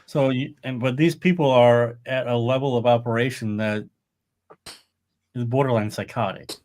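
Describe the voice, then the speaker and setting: A man's voice: mid-range voice, steady tone, normal speed, a little mellow, slight background noise. Rambling, swearing middle-aged man. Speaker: podcast co-host. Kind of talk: casual chat.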